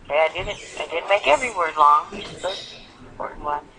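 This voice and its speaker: A woman teaching English pronunciation over a video call, animated, acting out examples in put-on voices. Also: on the low side, fairly quick. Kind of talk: online English lesson. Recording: phone-like call audio.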